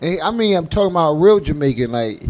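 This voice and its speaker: A man's voice: on the high side, big pitch swings, fast talker, a little mellow. A man co-hosting a comedy radio show, telling teasing, profane stories in casual banter. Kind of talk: joking banter.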